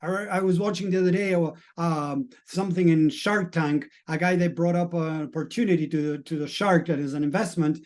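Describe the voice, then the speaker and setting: A middle-aged man with a fairly high voice speaks as a mindset coach on a live stream. He talks earnestly and emphatically, stacking rhetorical questions and checking in with his chat audience. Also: steady tone, brisk, few pauses, a little mellow.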